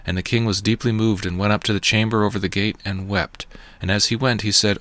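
A man reading scripture aloud in a steady, measured, solemn way. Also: fairly low pitch, dry recording. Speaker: scripture reader.

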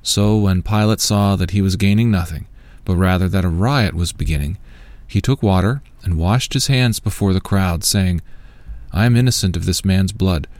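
A man reading a long scripture passage aloud in a measured, solemn way. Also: sits low, darkish tone, dry recording. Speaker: scripture reader.

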